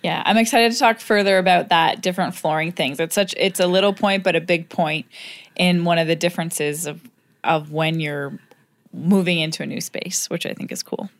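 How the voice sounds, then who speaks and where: A woman's voice: lowish voice, steady tone, normal speed. A woman co-hosting a podcast, chatting casually and laughing easily. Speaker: podcast co-host. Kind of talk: casual chat.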